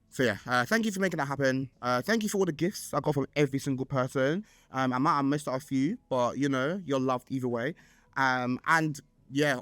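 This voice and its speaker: A man's voice: on the high side, fairly bright tone, no room sound. A man, hosting a casual storytime vlog and gossiping dramatically about his birthday, full of fillers. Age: 20s. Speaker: vlog host.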